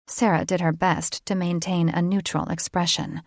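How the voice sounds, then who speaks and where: A woman narrating a fantasy romance audiobook in a measured, steady way. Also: fairly low pitch, gravelly, no room sound, clean studio sound. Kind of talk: scripted narration.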